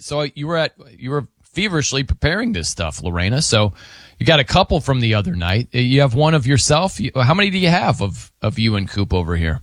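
A man's voice: medium pitch, animated, brisk, dry recording, clean studio sound, soft background music. A middle-aged man hosting a radio show in casual chat, laughing often and mimicking how people say words.

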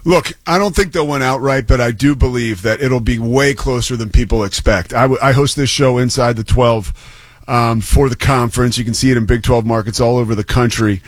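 A play-by-play broadcaster guests on a sports radio show to talk college football in chatty, enthusiastic banter full of fillers. His voice is medium-pitched and a little fast, with no echo.

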